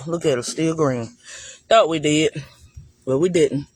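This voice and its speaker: A man's voice: on the high side, moderate pace, a little mellow, slightly rough. A man giving a casual, chatty walk-through of his garden for viewers, talking loosely and calling them y'all. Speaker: gardening vlogger. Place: outdoor garden.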